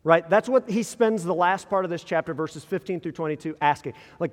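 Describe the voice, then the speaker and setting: Male pastor with a higher voice, conversational preacher who uses rhetorical questions, recorded in a reverberant hall. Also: fairly quick, few pauses. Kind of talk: sermon. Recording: long reverb in a large hall.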